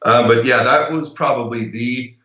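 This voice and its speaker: A middle-aged man as a guest in a casual interview, telling stories reflectively with soft laughs. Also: medium pitch, normal speed, echoey room, lo-fi sound.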